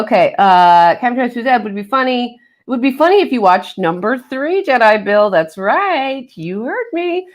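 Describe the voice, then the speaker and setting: A woman hosting a casual livestream, reading viewer comments with a playful, jokey manner and mock-solemn asides, on a webcam mic. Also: medium pitch. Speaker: livestream host.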